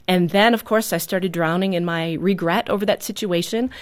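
A woman telling a story from her life as a mother in a radio interview, earnest and animated, laughing often. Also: lowish voice, normal speed.

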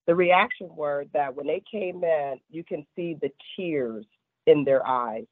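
A woman pastor gives emotional interview testimony, heartfeltly recounting calls for help and quoting the callers at length. Her voice is low and her pace measured, on a dry recording over a phone-like remote line.

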